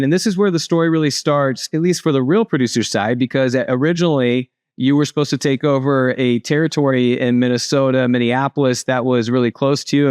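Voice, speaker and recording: A man's voice: medium pitch, darkish tone, smooth, no room sound. An upbeat man hosting an interview podcast, his voice sitting in a middle range. He talks in a chatty, friendly way and often restarts mid-sentence. The sound is dry and close to the mic. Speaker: podcast host.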